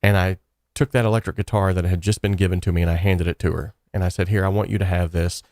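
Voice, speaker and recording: A man telling a personal story about his church and guitars, an animated storyteller who voices the people he quotes. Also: sits low, quick pace, dry recording, clean studio sound.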